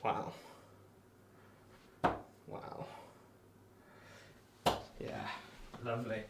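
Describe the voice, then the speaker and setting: A man's voice: fairly low pitch, sing-song, very slow, gravelly, heavy background noise. A young man chatting casually on a live stream while he throws darts, rambling, poking fun at himself and answering viewers. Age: young adult. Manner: rambling, self-deprecating, reads out and answers chat. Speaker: darts livestreamer.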